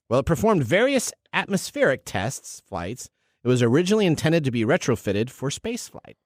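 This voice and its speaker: A man's voice: medium pitch, very animated, no echo. Man, radio host, casual upbeat chat, dry close studio sound. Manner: chatty, upbeat, quick asides.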